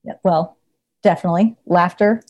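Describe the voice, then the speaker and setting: Low mellow woman therapist, chatty, laughs a lot, lots of "like" and "you know". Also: fairly even intonation, moderate pace. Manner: chatty, laughs often, many fillers. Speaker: therapist, podcast guest. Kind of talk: casual conversational interview.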